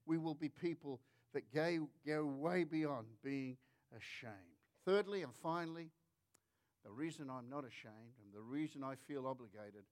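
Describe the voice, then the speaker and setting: A man with an Australian accent preaching a sermon, emphatic and rhetorical, often asking the crowd questions. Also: mid-range voice. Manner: emphatic, rhetorical, repeats "how many of you know".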